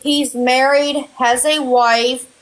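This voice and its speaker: A woman's voice: high voice, fairly even intonation, slow pace. A woman talking bluntly and emphatically in a casual live stream chat, swearing now and then.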